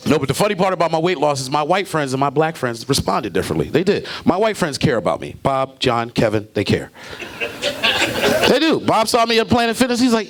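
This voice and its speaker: A man doing a stand-up comedy set, jokey and animated, acting out characters in loud bursts. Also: fairly high pitch, brisk. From Brooklyn, New York.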